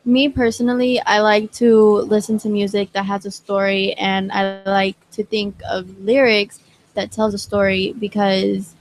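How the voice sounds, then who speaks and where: A woman's voice: mid-range voice, low-quality recording. A young woman singer answering interview questions hesitantly, with many fillers. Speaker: singer guest.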